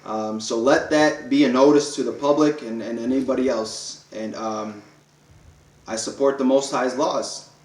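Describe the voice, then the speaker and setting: Reading a declaration aloud to camera, a man with a mid-range voice presents himself as a self-declared speaker issuing a public proclamation. He emphasizes every clause in turn, occasionally stumbling. The recording is low quality and echoey.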